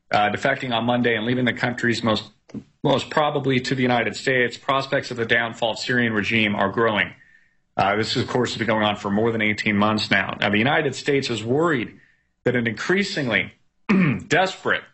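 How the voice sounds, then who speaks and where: A man's voice: mid-range voice, bright, forceful tone, husky. A man hosting a casual news commentary show, reading headlines aloud with many fillers and sarcastic asides.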